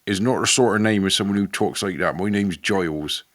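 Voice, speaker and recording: A man's voice: on the low side, quick pace, a bit bright. A man co-hosting a podcast in casual, dry, playful banter. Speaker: podcast co-host. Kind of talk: casual comedic chat.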